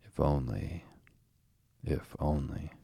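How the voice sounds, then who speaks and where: A man's voice: rumbling low, fairly even intonation, slow pace, vocal fry, warm tone, husky, no room sound, heavily acted. A man reading a wry, kindly male water rat in a bedtime storybook, speaking with dry, knowing asides.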